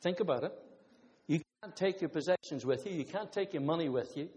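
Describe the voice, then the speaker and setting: A man's voice: a little high, a little fast, darkish tone. A man preaching a conversational sermon, mixing scripture with personal testimonies and asides to the congregation. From Ireland. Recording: long hall reverb.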